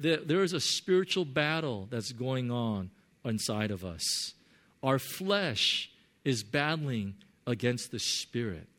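A man's voice: fairly high pitch, a bit bright. A man preaching a sermon to his congregation, earnest, often repeating words as he searches for phrasing. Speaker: pastor.

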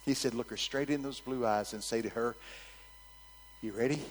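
A man preaching a storytelling sermon, swinging from hushed asides to loud, shouted quotes. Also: mid-range voice, fairly even intonation, a little fast, big-room sound, low-quality recording.

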